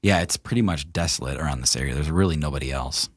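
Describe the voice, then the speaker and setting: A man narrating as game master of a tabletop game, describing scenes in a relaxed way. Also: extremely low pitch, quick pace, few pauses, husky, no room sound.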